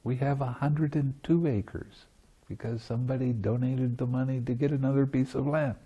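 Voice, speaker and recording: A man's voice: mid-range voice, fairly even intonation, normal speed, warm tone, husky, muffled recording. A man giving a dharma talk as meditation teacher at a retreat, teaching playfully and often laughing. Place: meditation center.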